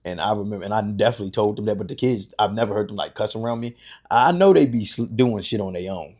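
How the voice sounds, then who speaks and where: A man's voice: on the low side, fast, a little mellow. A man in his thirties, a barber and podcast co-host, telling casual stories with plenty of swearing. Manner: loose, profane storytelling.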